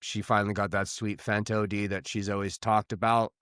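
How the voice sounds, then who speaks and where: A man's voice: on the low side, level tone, a little fast, fairly bright tone, smooth, no room sound, clean studio sound. A man from the United States co-hosting a podcast, chatting casually and telling stories in a joking, profane way. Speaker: podcast co-host. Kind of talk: casual chat.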